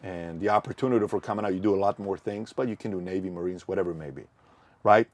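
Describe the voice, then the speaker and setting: A man's voice: sits low, fast talker, darkish tone. A man hosting a business channel, giving a motivational talk with punchy rhetorical questions and emphatic repetition. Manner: emphatic, repeats key points.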